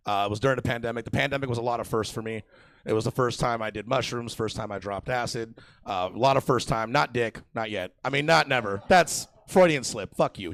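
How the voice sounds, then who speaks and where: A young man doing stand-up on a theater stage, rambling and crude as he mocks himself and jabs at the crowd. His voice has a gravelly edge. The sound is close and dry. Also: medium pitch, fairly bright tone, dry recording. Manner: crude, rambling, self-mocking, crowd work. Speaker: stand-up comedian. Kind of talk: stand-up set.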